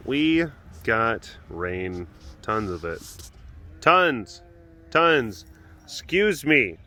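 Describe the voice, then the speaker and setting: A man's voice: sing-song, takes it slowly, pushed and bright. A man hosting an outdoor webcast from a big cat compound, chatting and laughing as he walks around and coos at the animals. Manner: talks to the cats in a high doting baby voice; laughs often, playful asides voicing the animals. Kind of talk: casual chat to camera while walking around animal enclosures.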